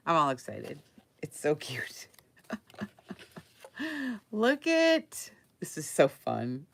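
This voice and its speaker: A woman talks through a handmade craft journal in a loose, chatty way, full of fillers and little laughs. Her voice sits unusually low for a woman. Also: slight background noise. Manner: rambling, giggly, many fillers. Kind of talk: casual chatty flip-through.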